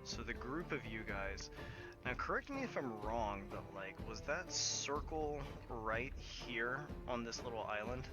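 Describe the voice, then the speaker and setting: A man's voice: medium pitch, animated, measured pace, music in the background. A man narrating as game master in a loose, descriptive way, with frequent fillers.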